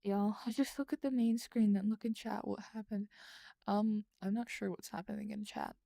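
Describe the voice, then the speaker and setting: A woman's voice: mid-range voice, sing-song, normal speed, vocal fry, warm tone, no room sound. A young woman streaming as she writes, chatting casually and rambling, often dropping to a mumble or whisper as she types. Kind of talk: casual live-stream chat while writing.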